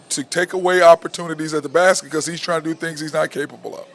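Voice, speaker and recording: A man hosts a sports talk show with blunt, opinionated energy. He keeps throwing rhetorical questions at the listener, his voice sitting slightly higher than most men's. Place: outdoor venue at a barbecue spot.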